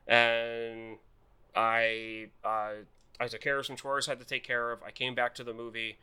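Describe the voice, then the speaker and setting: A man's voice: mid-range voice, flat delivery, moderate pace, sharp tone, clean tone. A man co-hosting a casual movie podcast, rambling through his review with many fillers and restarts. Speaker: podcast co-host.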